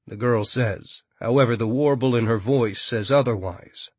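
A man narrating an audiobook in a steady, even storytelling manner. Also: mid-range voice, unhurried, few pauses, breathy edge, dry recording. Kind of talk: scripted narration.

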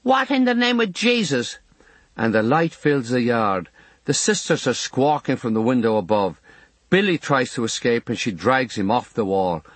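A man's voice: mid-range voice, expressive, moderate pace, slightly rough, no room sound. A man reading a memoir audiobook in a wry storytelling manner. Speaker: audiobook narrator.

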